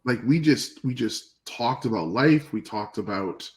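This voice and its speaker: A man from Canada, a podcast guest, telling stories in a relaxed, rambling way with fillers, acting out old phone calls. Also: mid-range voice, unhurried, poor audio. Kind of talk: casual storytelling interview.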